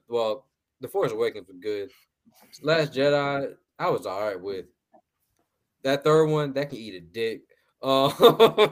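A man hosting a casual movie review podcast, talking bluntly with a lot of swearing, laughing, and repeated words. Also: medium pitch. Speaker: podcast host.

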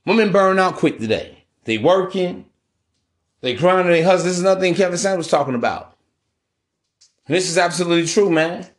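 A man's voice: high voice, expressive, brisk, long pauses. Preachy man talking slang. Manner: preachy, street slang, repeats "man" and "bro". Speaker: podcast host. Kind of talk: casual monologue.

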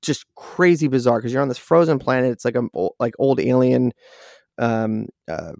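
A man co-hosting a podcast, telling a story in animated casual chat, swearing freely and acting out what people said. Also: medium pitch, normal speed, vocal fry, no room sound, studio quality. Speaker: podcast co-host.

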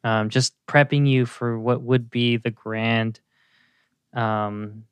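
A man co-hosting a music podcast, chatting casually and gushing about a song with many pauses and fillers. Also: mid-range voice, steady tone, smooth, no room sound. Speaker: podcast co-host.

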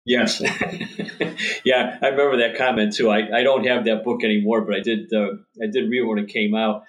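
Man, author being interviewed, lowish voice, earnest and thorough. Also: little pitch movement, fairly quick, low-quality recording. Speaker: baseball author guest. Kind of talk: interview answers.

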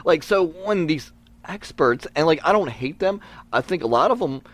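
A man's voice: fairly high pitch, expressive, normal speed, a bit bright. A former wrestler speaking earnestly in casual conversation, often restarting his sentences. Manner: earnest, reflective, with many restarts.

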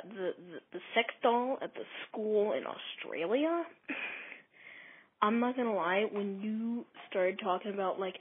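A woman's voice: medium pitch, husky. A woman calling in to a podcast and leaving a rambling voicemail, hesitant and full of restarts. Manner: hesitant, lots of ums and restarts. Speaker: listener calling in. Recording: tinny phone line with faint hiss.

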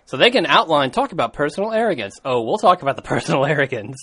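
A man's voice: a little high, expressive, fast, bright, forceful tone, breathy edge. A man hosting a podcast in casual chat, loose and rambling, laughing often. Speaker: podcast host.

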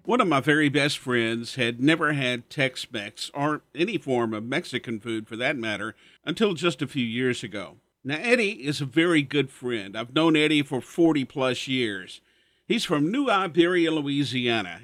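Man, show host, chuckling storyteller, a bit high-voiced, dry close sound. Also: expressive, moderate pace, fairly bright tone, no room sound. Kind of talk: folksy radio monologue.

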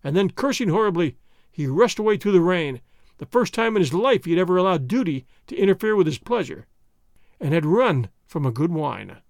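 A man narrating a classic adventure story in a theatrical, expressive manner. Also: sits high, fairly quick, vocal fry, no room sound, clean studio sound. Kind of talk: scripted audiobook narration.

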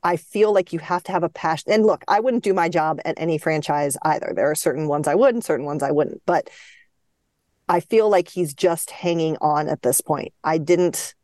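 A woman hosting a hockey podcast, giving measured opinions and steering the talk. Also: low voice, darkish tone, no room sound, studio quality. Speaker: podcast host. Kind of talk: casual hockey chat.

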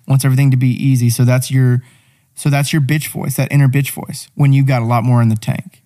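A man's voice: mid-range voice, flat delivery, quick pace, mellow. Young man, blunt, profane, motivational, casual podcast chat.

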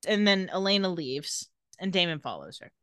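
A young woman recaps a TV episode with a sarcastic, deadpan play-by-play. Her voice is bright and crisp. The sound is dry and close, with no room echo. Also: fairly low pitch, normal speed. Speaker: podcast co-host recapping a TV episode. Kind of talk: casual recap chat.

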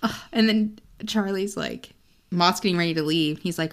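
A young woman co-hosting a casual book podcast, excitedly recapping scenes, swearing freely and reading passages aloud between laughs. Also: mid-range voice, unhurried, long pauses. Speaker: podcast co-host.

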